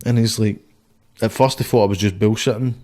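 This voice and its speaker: Low-voiced, swearing Scottish man. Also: fairly even intonation, brisk, a little mellow. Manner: swears constantly, rambling storyteller. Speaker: guest, boxer. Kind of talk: casual podcast chat.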